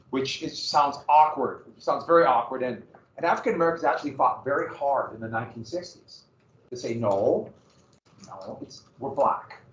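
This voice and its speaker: A man teaching a history class, lecturing casually with asides and questions to his students. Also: medium pitch. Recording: roomy, distant, dull classroom recording.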